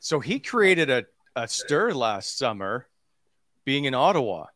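A man's voice: mid-range voice, big pitch swings, unhurried, a bit bright, a little hiss or hum. A man hosting a podcast, prompting his guest with questions and setting up stories. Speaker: podcast host. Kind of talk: casual interview.

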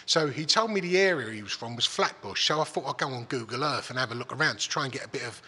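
A man's voice: medium pitch, expressive, fast, bright, forceful tone, husky. A man telling a story in casual chat, swearing freely and restarting his sentences. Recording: long hall reverb.

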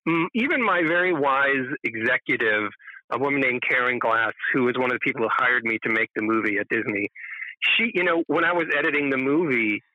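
A man's voice: medium pitch, lively intonation, fairly quick, dry recording, highs cut off. A man who is a film director telling stories in an interview, rambling with many fillers and restarts. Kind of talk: relaxed anecdotal interview answers.

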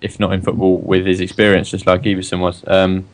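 A low-voiced man talks fast and flat, with little rise or fall in his pitch. He gives his opinions plainly in a casual podcast chat. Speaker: podcast co-host.

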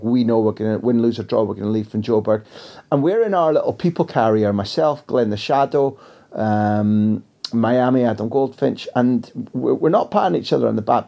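A man's voice: mid-range voice, vocal fry, dark tone. A man telling anecdotes as a guest in a casual interview, in a rambling, wry way.

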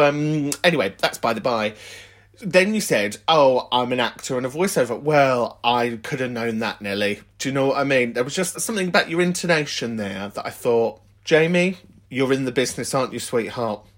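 A man's voice: medium pitch, expressive, brisk, fairly bright tone. A man hosting a call-in podcast, chatting in a camp, teasing way and swearing freely. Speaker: podcast host. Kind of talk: casual chat.

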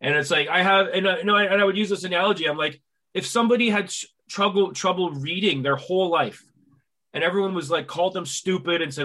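Bright, higher-voiced man rambling animatedly. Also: quick pace. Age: 40s. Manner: long-winded, animated storytelling with acted-out quotes. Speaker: podcast host. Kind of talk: casual interview chat.

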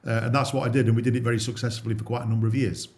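A man's voice: mid-range voice, flat delivery, very fast, darkish tone. Field: plain-spoken middle-aged man telling his story. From England. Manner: plain-spoken, repeats words and restarts often. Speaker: interview guest. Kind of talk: storytelling in a sit-down interview.

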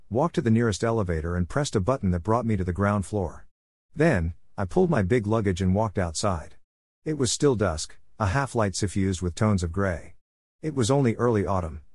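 A man from the Philippines, reading his own reflective essay in a measured scripted narration. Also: lowish voice, darkish tone, dry recording, clean studio sound.

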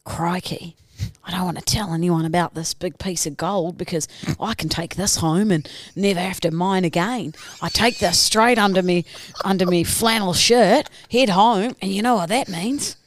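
A woman's voice: fairly low pitch, normal speed, no echo, pitched below the performer's own voice, close to an everyday voice. Woman putting on a gleeful Aussie gold miner. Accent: put-on broad Australian. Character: rural Australian gold miner, gleeful man.

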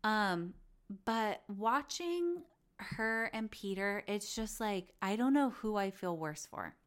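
A woman's voice: medium pitch, animated, slow, a bit bright, smooth. Young female host, casual and effusive, talks like chatting with a friend. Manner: gushing, chatty, acts out quoted voices. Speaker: podcast host. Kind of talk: casual chat about reality TV.

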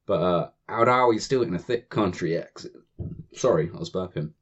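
A man's voice: deep voice, brisk. A British man, a podcast guest, telling rambling, chatty camp stories. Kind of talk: casual chat. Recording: dull lo-fi audio.

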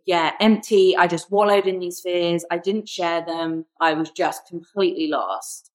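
A woman's voice: lowish voice, steady tone, unhurried, poor audio. A young woman guest on a podcast, speaking reflectively and openly about personal struggles. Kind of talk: candid conversational interview.

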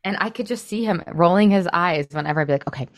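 A woman co-hosting a podcast in casual chat, talking fast and loose with lots of fillers and acted-out quotes. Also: fairly low pitch. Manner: chatty, filler-heavy, acts out quotes. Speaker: podcast co-host.

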